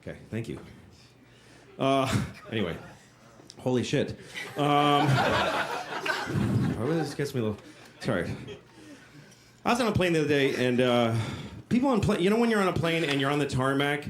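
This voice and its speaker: Stand-up comic, man in his forties, exasperated deadpan delivery, live club recording with background noise. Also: mid-range voice, moderate pace, long pauses. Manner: deadpan, exasperated, talks back to a heckler. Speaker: stand-up comedian. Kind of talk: stand-up set. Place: comedy club stage. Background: audience laughter.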